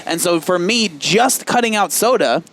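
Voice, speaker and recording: A man hosting a podcast interview, asking curious questions and sharing advice in a measured, encouraging way. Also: high voice, lively intonation, a bit bright. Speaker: podcast host. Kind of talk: interview conversation.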